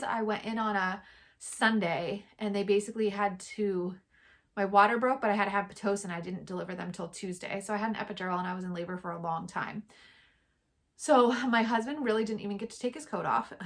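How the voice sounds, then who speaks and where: Chatty woman telling a personal story. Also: mid-range voice. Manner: chatty, quotes others in lively bursts. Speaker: vlogger. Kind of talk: casual storytelling.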